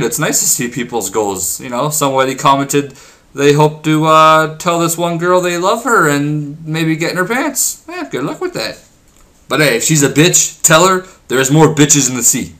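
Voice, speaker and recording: A man's voice: mid-range voice, a bit bright. A young man rambling and swearing as he chats casually over his gameplay. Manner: rambling, crude and profane, swears often; says he is talking fast because he is hungry. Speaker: gaming vlogger.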